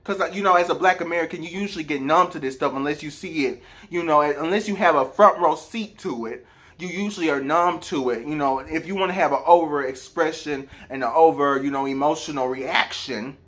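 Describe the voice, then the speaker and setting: Man, vlogger, high-pitched, earnest commentary, rhetorical questions. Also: a little fast, fairly bright tone. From South Mississippi, US. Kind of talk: personal commentary.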